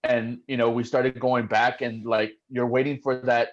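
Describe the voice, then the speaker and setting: A man's voice: medium pitch, level tone, moderate pace, highs cut off. A man co-hosting a podcast, talking in loose, rambling casual chat full of fillers. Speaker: podcast co-host.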